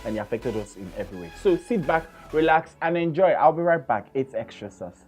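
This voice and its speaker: A man with a Nigerian accent hosting a radio show, talking in an animated, casual way and repeating words for emphasis. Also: fairly high pitch, brisk, faint music behind. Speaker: radio host.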